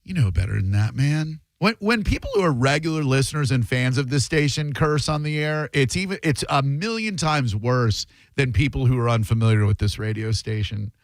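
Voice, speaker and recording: A man's voice: mid-range voice, expressive, moderate pace, hardly any pauses, no room sound. A man hosting a call-in talk radio show, blunt and opinionated.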